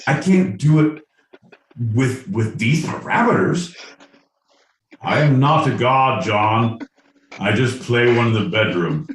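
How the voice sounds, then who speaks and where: Pausing often and taking his time, a man with a medium-pitched voice co-hosts a comedy podcast, trading casual banter and mock stand-up bits full of free swearing. The distant, off-mic recording carries room echo and faint noise.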